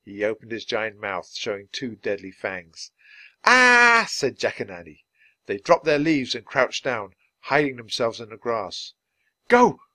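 A man reading a children's book aloud, at a steady, clearly paced speed for language learners. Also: lowish voice, dry recording. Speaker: storybook reader.

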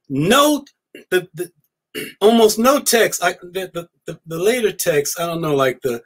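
A man speaking as a guest scholar in a live-stream interview, emphatic and animated, often repeating his key words. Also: high-pitched, slow pace.

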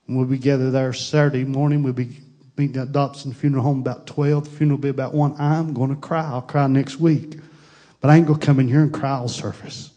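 Fervent preacher, mellow voice. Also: male voice, medium pitch, steady tone, quick pace. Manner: grieving then rising to fervent shouted praise. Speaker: pastor. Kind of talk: Pentecostal sermon.

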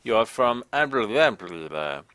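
A man's voice: fairly low pitch, sing-song, extremely slow, a bit bright, clean tone, dry recording. A man streaming a game live, talking to the on-screen travelers in a stiff, formal border-inspector manner. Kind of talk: live gameplay commentary.

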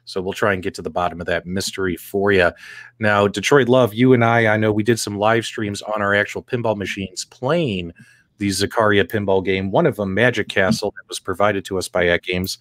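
A man's voice: lowish voice, fairly quick, fairly bright tone, dry recording. A man hosting a gaming podcast, talking animatedly and putting questions to his co-hosts. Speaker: podcast host. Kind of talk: casual podcast chat.

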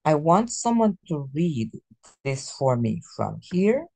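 A woman teaching a class, coaxing students and drilling pronunciation slowly. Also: sits low, sing-song, vocal fry, a little mellow, breathy edge. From Latin America. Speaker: Spanish teacher.

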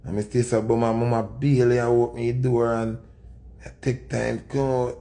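A man's voice: mid-range voice, level tone, normal speed, mellow. A man with a Jamaican accent telling a rambling anecdote in a casual way. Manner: rambling patois anecdote with quoted voices. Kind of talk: casual storytelling.

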